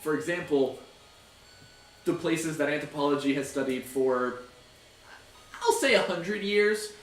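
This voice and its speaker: A young man hosting a casual stream chat, explaining at length in a halting way, with many fillers and restarts. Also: a little high, reverberant, distant mic, slight background noise, poor audio. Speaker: host.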